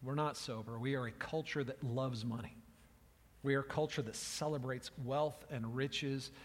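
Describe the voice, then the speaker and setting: A man's voice: medium pitch, fairly even intonation, normal speed, in a large hall. A man preaching a sermon in a conversational way, often checking in with "right?" and repeating words as he goes. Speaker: pastor.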